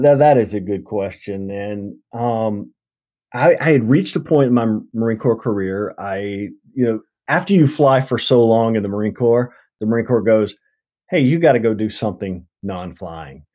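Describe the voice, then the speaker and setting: A man with a Southern American accent, a guest telling stories in an easygoing, measured way. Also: lowish voice, dark tone. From Mississippi. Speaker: guest, endurance coach. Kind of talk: casual conversational interview.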